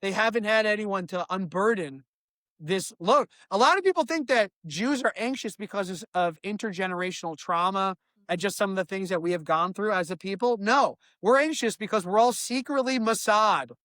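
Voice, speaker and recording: A woman hosting a comedy show, chatting in an animated, jokey way. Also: medium pitch, no room sound. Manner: animated, jokey, quick to slip into voices. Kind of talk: casual comedic chat.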